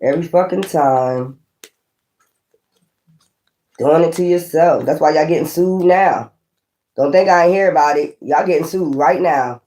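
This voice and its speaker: A woman's voice: sits low, measured pace, pauses often, dark tone. A woman giving a casual tarot reading in a blunt, profane, scolding way, full of rambling sassy asides. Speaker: tarot reader.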